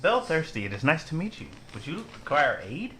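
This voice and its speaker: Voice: mid-range voice, sing-song, roomy sound, noisy background, natural voice. A player voicing a polite, puzzled construct of living metal who speaks formally. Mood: courteous. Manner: slow, formal, stiffly courteous.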